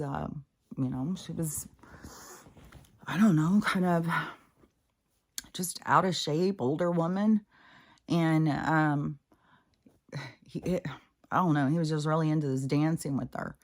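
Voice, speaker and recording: A woman with a notably low-pitched voice recounts a personal story in casual monologue. She is candid and exasperated and swears without hesitation. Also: darkish tone. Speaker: spiritual vlogger.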